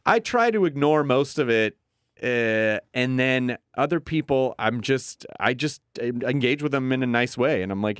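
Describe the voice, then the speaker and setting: Male TV host guest, mid pitch, reflective and rambling, acts out quotes, dry studio. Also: sing-song, normal speed, no echo. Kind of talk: casual studio interview.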